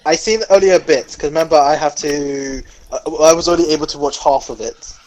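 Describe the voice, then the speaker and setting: A man's voice: a little high, darkish tone, low-quality recording. A man co-hosting a casual podcast, playful and jokey. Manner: playful, jokey, quick to laugh. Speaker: podcast co-host. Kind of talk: casual chat.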